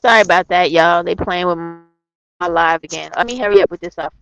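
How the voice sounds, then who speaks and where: Her voice is fairly low but fairly bright, and she speaks a little fast as she hosts a live chat from her car. She's blunt and emphatic and curses a lot, all captured in a dry, dull recording.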